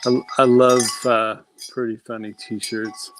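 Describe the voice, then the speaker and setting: A man's voice: medium pitch, flat delivery, slow pace, a little hiss or hum, poor audio. Rambling man in casual chat. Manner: rambling, laughs at own jokes, retells comedy bits. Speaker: conversation partner.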